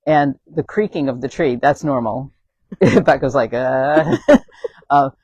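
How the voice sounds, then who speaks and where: A man's voice: medium pitch, lively intonation, unhurried, darkish tone, breathy edge, no echo, poor audio. A man founder of an animal sanctuary telling a story outdoors on a hilltop, casually and with many fillers and chuckles. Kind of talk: casual storytelling on a walking tour.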